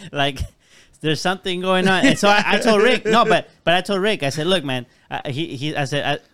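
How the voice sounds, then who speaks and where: A man's voice: high-pitched, lively intonation, moderate pace, sharp tone, smooth, no room sound, studio quality. A man, a podcast co-host, in casual chat, telling his side with stammers, repeats and laughter.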